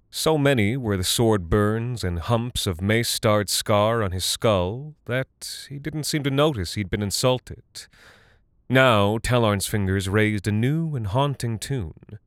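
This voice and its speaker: Brief: male audiobook narrator, unhurried and deliberate, deep voice, dry studio sound. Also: expressive, clean tone, dry recording. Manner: measured, deliberate storytelling.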